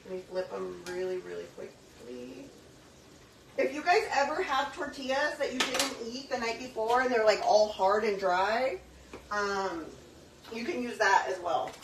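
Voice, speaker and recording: A young cooking vlogger chats away in her home kitchen, her medium-pitched voice gravelly and unhurried. Fillers come often, and she mixes in Spanish phrases. The phone on a tripod that records her picks up background noise.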